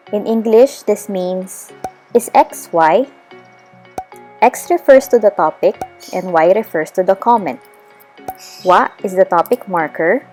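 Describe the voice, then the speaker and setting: A woman teaching a beginner's language lesson, who explains each step with careful, clear enunciation and slips in Tagalog phrases now and then. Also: medium pitch, darkish tone.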